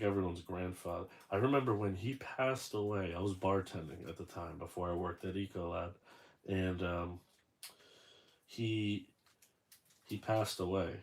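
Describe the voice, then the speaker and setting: A man's voice: sits low, measured pace, pauses often. A man unboxing a toy figure and chatting casually, rambling and correcting himself as he tells a story.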